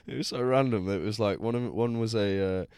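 A man's voice: on the low side, fast, darkish tone, clean tone, no echo, studio quality. A man hosting a casual chat, telling a story with many restarts. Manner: rambling, restarts often. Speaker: podcast host.

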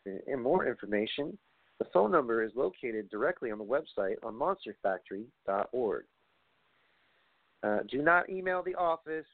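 A man hosts a wrestling podcast in a mid-range, very animated voice at normal speed, rambling casually, reading off long lists, and swearing now and then. The dry sound comes through a tinny, phone-like line with no room sound.

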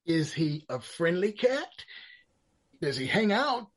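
A woman's voice: on the low side, very animated, slow. A woman interviewer on a poetry radio show, encouraging her guest and asking questions. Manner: encouraging, laughs along.

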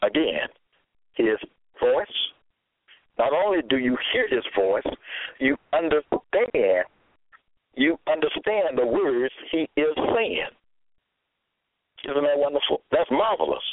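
A man preaching a sermon slowly and emphatically, his pitch swinging widely as he stresses words. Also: sing-song, no echo. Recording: tinny phone line, dry.

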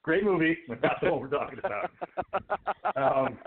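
This man talks with a lively voice that swoops up and down as he picks apart a movie. He swears freely and slips into mock character voices. The sound is squeezed and tinny, as if it came over a phone line. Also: medium pitch, moderate pace. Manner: animated, profane, acts out characters. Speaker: podcast co-host. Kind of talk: casual film discussion. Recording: phone-like narrow audio.

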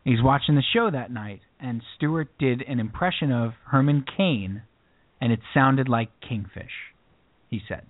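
A man's voice: mid-range voice, moderate pace, dry recording. A man co-hosting a podcast, telling a story in casual chat with lots of restarts. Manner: rambling storyteller with many restarts. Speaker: podcast co-host. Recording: dry phone-like lo-fi sound.

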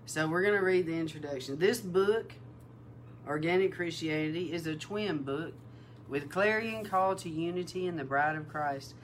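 A woman minister giving a sermon-style testimony, animated and emotional, acting out the dialogue in her story. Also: low-pitched, moderate pace, slight background noise. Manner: emotional, near tears. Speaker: prophetic minister.

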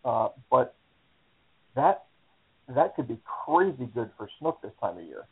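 A man calling in to a casual radio chat, thinking aloud in a halting way with many restarts. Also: medium pitch, very animated, slightly rough. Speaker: caller. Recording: tinny phone line.

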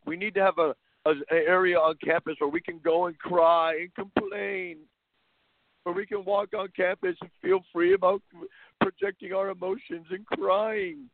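A man's voice: sits high, expressive, moderate pace, gravelly, no echo. A man hosting a sports talk show, delivering a blunt, mocking, opinionated monologue. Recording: tinny phone-line sound.

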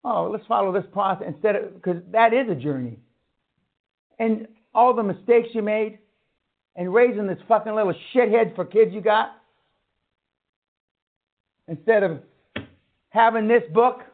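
Male seminar speaker, very high pitch, blunt and foul-mouthed; thin telephone-quality audio. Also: measured pace, long pauses. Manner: blunt, swearing, ranting. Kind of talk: profane motivational lecture. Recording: tinny phone-like line.

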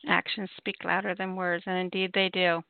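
Enthusiastic radio host, gravelly voice, dry lo-fi line. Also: medium pitch, flat delivery, moderate pace, dry recording. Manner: upbeat, enthusiastic reactions. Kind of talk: casual on-air chat. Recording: tinny phone line, dry.

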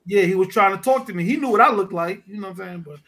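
A man from Detroit with a high voice tells a story on a podcast in loose, profane street talk. He acts out every exchange, and his tone swings from loud to low. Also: quick pace. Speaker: podcast guest, underwater photographer. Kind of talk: casual storytelling chat.

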